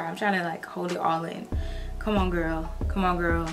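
A woman in her twenties, a YouTuber talking in a gushing, excitable casual vlog, full of "like"s. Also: fairly low pitch, moderate pace, music in the background. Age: 20s.

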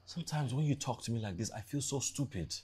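A man's voice: mid-range voice, animated, quick pace, warm tone, husky. An actor with a Nigerian accent playing a broke young graduate in his twenties, pleading with his girlfriend, in a film drama. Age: 20s. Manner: pleading, wounded. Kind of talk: Nollywood film acting.

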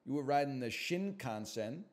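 A man streamer in his thirties riffs in casual, sarcastic banter. He rants in quick bursts and keeps a mocking edge, his voice sitting at an ordinary middle pitch. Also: lively intonation. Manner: sarcastic, ranting, mock voices at high pitch.

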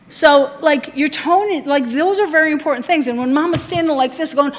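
A woman's voice: sits high, fairly quick, hardly any pauses, long reverb tail. A woman leading a training session, talking conversationally and putting questions to the room.

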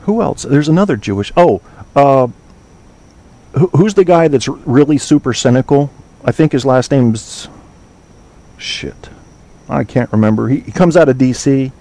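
A man's voice: medium pitch, lively intonation, normal speed, long pauses, dark tone. A man hosting an online talk show, chatting casually with listeners, rambling, swearing and trailing off while he hunts for names. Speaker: podcast host.

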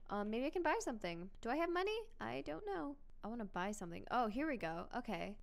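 A young adult woman giving chatty, excitable commentary while playing a video game and reading its text aloud. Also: medium pitch, clean tone. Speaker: gaming channel host. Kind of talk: casual let's-play commentary.

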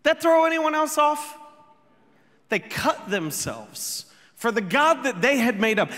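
A man preaching a sermon as pastor, telling the story with jokes, quick asides and sudden shouts. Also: extremely high pitch, big pitch swings, big-room sound. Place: church sanctuary.

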